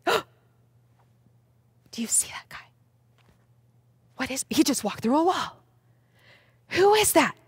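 A woman voicing a frightened group of male disciples hiding behind a locked door, panicky and hurried. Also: big pitch swings, no room sound. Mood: startled. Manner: panicky, breathless, high and hurried.

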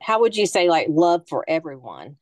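A woman's voice: low-pitched, very animated, normal speed, dry recording. A woman student in an online language class, carefully sounding out new words and asking questions over a video call.

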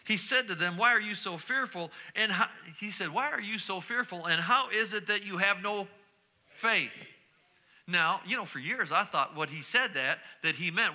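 A middle-aged male pastor preaching a sermon in a church, repeating refrains and breaking into sudden shouts. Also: high voice, expressive, normal speed. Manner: preaching with call-and-response repetition and sudden shouts. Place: church sanctuary.

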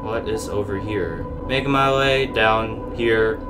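A man's voice: on the low side, slow. A man giving gameplay commentary on a horror game, jumpy and swearing, talking back to the game. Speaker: gaming YouTuber. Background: game music.

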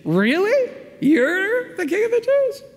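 A man's voice: very high-pitched, wildly swooping pitch, takes it slowly, long reverb tail, pitched above the performer's own voice, heavily acted. A man voicing an incredulous grown Roman governor who scoffs in disbelief, as part of a sermon. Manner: disbelieving, mocking emphasis.

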